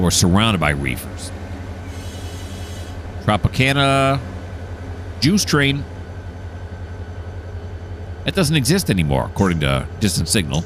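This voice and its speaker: Guy with a real deep voice chatting through a train sim, excited, explains everything he clicks, faint game hum behind. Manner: enthusiastic, explains each step as he plays. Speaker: gameplay streamer. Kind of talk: casual gameplay commentary.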